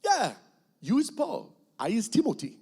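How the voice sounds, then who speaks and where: A man's voice: very high voice, huge pitch swings, moderate pace, vocal fry, darkish tone, husky, voice pushed up, heavily acted. A man doing an earnest henchman in broken English. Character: earnest newly converted male henchman.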